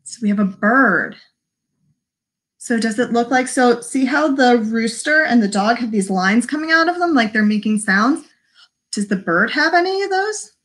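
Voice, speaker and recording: Reading a picture book aloud for young kids, a female librarian speaks at normal speed in an expressive, somewhat bright, higher-pitched voice. The delivery is sing-song and encouraging with animal noises woven in, aimed at her young viewers and picked up by a livestream camera mic.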